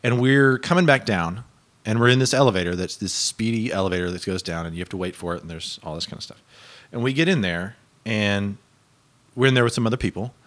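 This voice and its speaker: A man with a somewhat low voice tells a story on a podcast in relaxed, casual chat. He keeps dissolving into giggles as he goes, with a playful, teasing storyteller's energy. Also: fast. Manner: giggly storyteller, breaks into laughter. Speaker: podcast host.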